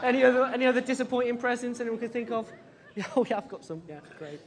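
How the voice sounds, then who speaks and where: Brief: high-pitched man, casual and hesitant, talking with a church congregation. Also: steady tone, fast. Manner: chatty, hesitant, with many ums and playful asides. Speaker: service leader. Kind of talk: informal all-age church talk.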